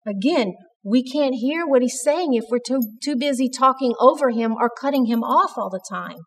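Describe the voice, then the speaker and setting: Woman, church speaker, high voice, long hall reverb, earnest conversational devotional talk. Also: lively intonation, moderate pace. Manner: conversational and earnest, with many restarts.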